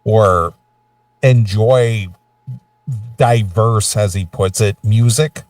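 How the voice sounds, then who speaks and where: A man's voice: on the low side, very slow, dry recording, distant mic. A man co-hosting a podcast, mocking and chatty, recorded a bit away from the mic. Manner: mocking, lively, does old-man impressions. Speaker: podcast co-host. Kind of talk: casual podcast banter.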